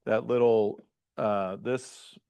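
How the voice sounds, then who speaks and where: A man who is a pastor, teaching a class in a halting lecture style and often checking in with "right?" and "okay?". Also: lowish voice, steady tone, gravelly, clean tone, dry recording, muffled recording. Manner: halting, restarts mid-phrase.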